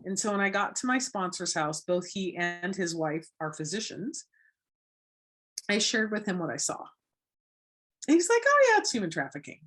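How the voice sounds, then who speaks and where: A woman from Florida, a guest on a talk show, telling her story in a lively way and acting out the voices of the people she quotes. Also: lowish voice, normal speed, pauses often. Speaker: guest, anti-trafficking educator. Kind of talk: casual interview talk.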